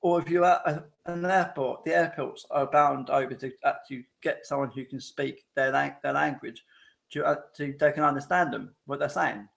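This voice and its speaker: Rambling man with a gravelly voice. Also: a little high, fairly even intonation, normal speed, fairly bright tone. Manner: rambling, repetitive, frequent restarts; addresses viewers directly with tag questions. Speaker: live stream host. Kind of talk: casual live-stream chat.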